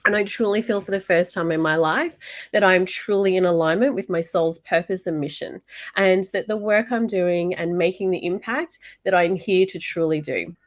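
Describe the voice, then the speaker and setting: A woman's voice: lowish voice, moderate pace, dry recording, clean studio sound. A woman from Brisbane with an Australian accent, giving an earnest, reflective prepared talk as a guest speaker over a video call.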